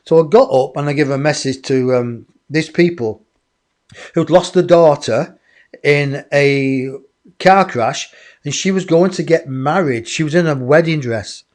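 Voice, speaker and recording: A man, a guest in an interview, telling a personal story in a lively way and acting out other people's voices. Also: on the high side, a little slow. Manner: animated, acts out others' voices.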